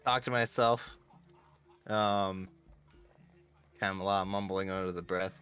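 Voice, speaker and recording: A man's voice: low-pitched, fairly even intonation, a little slow, fairly bright tone, smooth, faint music behind. A man playing in a tabletop game, joking sarcastically in character and laughing often. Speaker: player. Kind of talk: casual in-character game banter.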